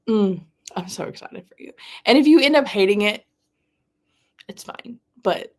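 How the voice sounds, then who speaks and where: A woman's voice: medium pitch, lively intonation, a little slow, long pauses. Southern woman, young, bubbly livestream host chatting with her viewers. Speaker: booktuber hosting a live reading sprint. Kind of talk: casual livestream chat.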